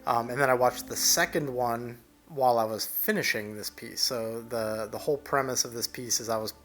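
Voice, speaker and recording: A man's voice: medium pitch, normal speed, fairly bright tone. A young man casually narrating over his digital painting, rambling loosely with plenty of fillers and restarts.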